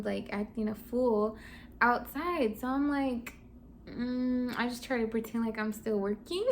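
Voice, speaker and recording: A woman's voice: a little high, a little hiss or hum. Chatty young woman telling a story. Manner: casual, animated retelling with many "like"s. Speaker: vlogger. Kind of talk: storytime chat.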